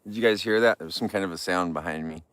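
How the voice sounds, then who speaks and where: Man, casual livestream host, joking with viewers, smooth clear voice. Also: low voice, fast, a bit bright, no room sound. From California. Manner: chatty, jokey, greets viewers. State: tired.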